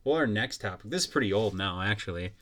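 A man's voice: fairly low pitch, animated, fast talker, fairly bright tone. A young man hosting a podcast, ranting in a blunt, profane and mocking way. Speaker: podcast host. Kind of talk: casual solo podcast rant.

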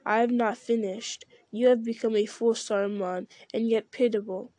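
A woman voicing a stern, commanding old male wizard in a storybook reading, speaking in a measured way. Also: a little high, steady tone, warm tone, no room sound, natural voice.

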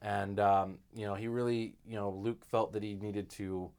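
A man's voice: fairly low pitch, little pitch movement, normal speed, a little mellow, clean tone. A man co-hosting a casual chat, rambling with many fillers as he retells what someone else said. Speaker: podcast co-host.

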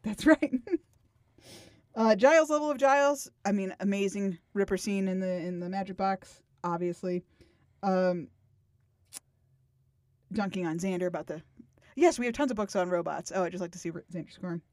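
A young woman co-hosting a podcast in casual chat, playful and quick to laugh. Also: medium pitch, darkish tone, dry recording, studio quality. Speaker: podcast co-host.

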